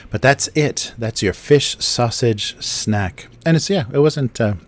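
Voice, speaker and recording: A man's voice: medium pitch, unhurried, slight background noise. A man hosting a casual drawing livestream, rambling through explanations with lots of fillers and restarts, close to a desk mic at home. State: chewing food near the mic. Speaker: livestream host, cartoonist. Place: home studio in Japan.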